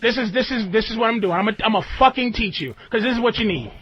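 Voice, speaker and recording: A man on a podcast who scolds a guest loudly and swears a lot. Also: high-pitched, fast talker, few pauses, slightly rough. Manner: loud, scolding, profane. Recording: dry, dull archived podcast audio.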